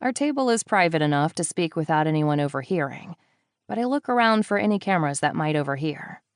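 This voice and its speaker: A woman reading a first-person thriller in a low, even voice, slipping in wry, deadpan asides. The recording is close and completely dry, with no room around her. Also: fairly quick, no echo. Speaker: audiobook narrator. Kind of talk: first-person audiobook narration.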